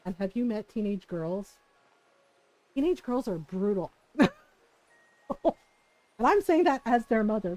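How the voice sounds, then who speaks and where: Mom streamer chatting away, kinda high voice, laughs a lot, swears casually. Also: female voice, warm tone, low-quality recording. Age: middle-aged. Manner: chatty storytelling, laughing often, swears freely. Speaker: live streamer. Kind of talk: casual chat while gaming.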